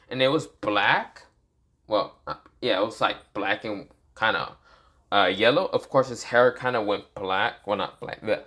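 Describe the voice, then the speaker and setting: A man's voice: medium pitch, pushed and bright. A man casually telling an improvised fan story, rambling and correcting himself with many fillers.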